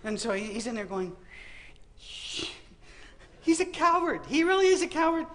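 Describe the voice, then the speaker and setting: A man's voice: very high-pitched, very animated, moderate pace, fairly bright tone, slight background noise. A man giving a humorous sermon, telling a Bible story as comic stories and acting out the voices. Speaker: preacher. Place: university auditorium.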